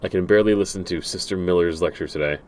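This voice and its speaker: Low-voiced man reading game letters aloud. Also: fast talker, a little mellow. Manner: stumbling, self-correcting reading with dry asides. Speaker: game streamer.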